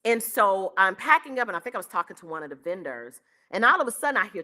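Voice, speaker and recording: A woman's voice: mid-range voice, sing-song, fast, sharp tone. A woman hosting her own online show, telling a personal story to her viewers in a candid, emotional way. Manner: candid and emotional, acts out quoted voices.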